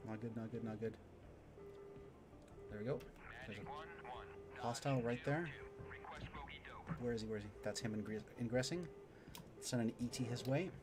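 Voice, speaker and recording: A man streaming a flight sim, explaining his systems and muttering excited remarks while he fights. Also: mid-range voice, moderate pace, pauses often, music in the background. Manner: excitable, mutters to himself mid-dogfight. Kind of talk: live gameplay commentary and tutorial.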